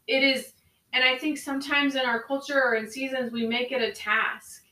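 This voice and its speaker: Bright earnest woman praying in an echoey room. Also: high voice, little pitch movement, normal speed, distant mic. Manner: earnest, prayerful, repeats phrases. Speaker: podcast co-host. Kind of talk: spoken prayer and devotional talk.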